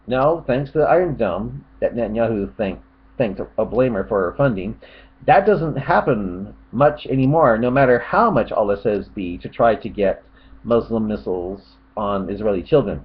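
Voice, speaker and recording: A sarcastic man rambles through online comments in casual commentary and mocks them as he goes. His pitch swings widely. The recording is a little dull and lo-fi. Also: animated, moderate pace.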